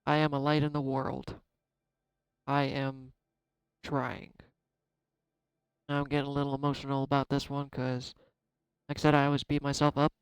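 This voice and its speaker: A man giving a casual tarot card reading, chatty and self-deprecating, thinking out loud. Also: medium pitch, completely flat delivery, normal speed, long pauses, smooth, no echo, rough recording. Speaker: tarot reader.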